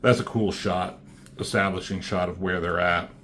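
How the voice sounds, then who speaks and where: A man's voice: sits low, fairly even intonation, moderate pace, fairly bright tone. Rambling, foul-mouthed man reviewing comics. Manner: rambling, profane, many fillers. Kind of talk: casual commentary.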